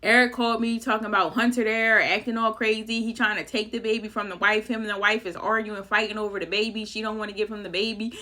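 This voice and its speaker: A woman's voice: medium pitch, fairly even intonation, fast, few pauses, sharp tone. A woman vlogger telling a dramatic story in a casual, chatty way with loose slang.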